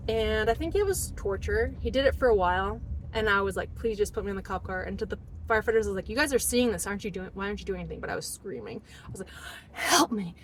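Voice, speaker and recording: A woman's voice: medium pitch, lively intonation, racing, a little hiss or hum, low-quality recording. A woman telling a personal story in a rambling, emotional way, acting out what people said, recorded in a car. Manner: rambling, emotional, acts out quotes. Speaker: vlogger telling her story. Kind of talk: casual storytelling monologue.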